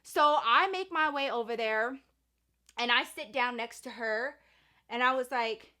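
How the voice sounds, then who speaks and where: A young woman tells a story for her vlog. She is animated and a bit dramatic, with casual swearing. Her voice is bright and sits a little high. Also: unhurried. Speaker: vlogger.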